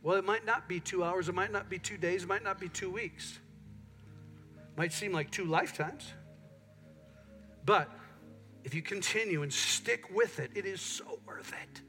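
A man's voice: high voice, unhurried, long pauses, soft background music. A middle-aged man preaching a sermon in a church, telling stories and acting out what people say. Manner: animated storytelling, acts out quotes. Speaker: pastor. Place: church sanctuary.

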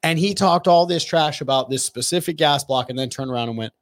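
Animated man telling gun store stories. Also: fairly high pitch, fairly quick. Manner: animated, profane, quotes people in their voices. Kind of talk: casual storytelling chat.

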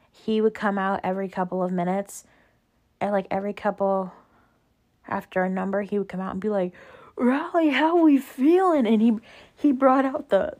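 A young woman vlogging in a casual chat, gushing and talking quickly with lots of "like" and "literally", jumping higher and louder when she acts out quotes. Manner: gushing, chatty, fillers like "like" and "literally".

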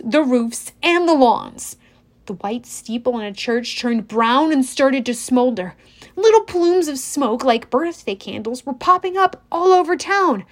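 A woman reading an audiobook aloud in first person, with a wry, expressive storytelling manner. Her voice is high and swings widely in pitch. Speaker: audiobook narrator.

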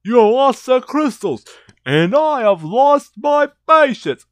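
A man voicing an angry ancient male evil spirit who commands in a booming voice. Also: very animated, slow, a bit bright, dry recording, heavily acted. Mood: furious.

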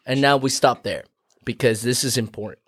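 A man's voice: medium pitch, steady tone, normal speed, no echo, studio quality. Rambling man co-hosting a chatty podcast. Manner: rambling, profane, explains with asides. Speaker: podcast co-host. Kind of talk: casual chat.

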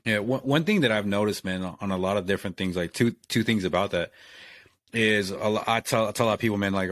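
Fast-talking, low-voiced man ranting. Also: no echo, studio quality. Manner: fast, profane, animated rant. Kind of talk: casual chat.

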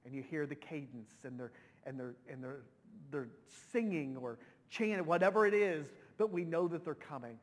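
A middle-aged pastor preaches in a relaxed, conversational way, often restarting his sentences as feeling rises in his voice. His pitch sits a little high for a man. A long reverb hangs after each phrase, as in a big sanctuary. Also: normal speed. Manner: emotional, conversational with many restarts. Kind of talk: sermon storytelling.

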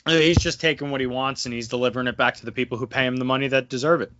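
A man co-hosting a casual wrestling recap podcast, talking animatedly and slipping into excited impressions now and then. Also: medium pitch, very fast, dry recording, muffled recording. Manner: animated, breaks into excited mimicry. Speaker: podcast co-host.

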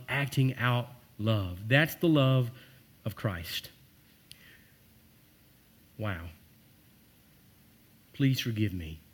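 A man preaching a sermon as pastor, earnest and emphatic, dropping soft and low for heartfelt lines.

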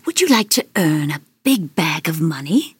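A woman voicing a scheming old witch in a storybook reading, speaking in a hushed, whispery coaxing way. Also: low voice, big pitch swings, normal speed, husky, no echo, clean studio sound, voice pushed down, full character voice.

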